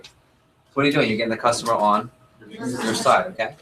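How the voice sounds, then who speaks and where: Casting: a man as an energetic sales trainer addressing a room, mid-pitched voice, slight background hiss. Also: a little fast, long pauses, low-quality recording. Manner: animated, role-plays customer lines, asks audience questions. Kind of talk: sales training talk to a group.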